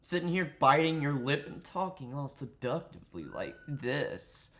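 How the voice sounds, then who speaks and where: A man's voice: on the high side, moderate pace, pushed and bright. A man ranting angrily in a commentary vlog, profane and mocking. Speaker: commentary vlogger.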